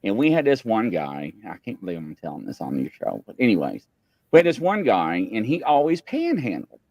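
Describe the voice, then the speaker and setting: A man's voice: on the low side, a little fast, vocal fry, dry recording, highs cut off. A middle-aged man and podcast host, a retired police officer, telling a story casually and playfully to his audience. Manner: animated, playful, repeats "ladies and gentlemen" to the audience.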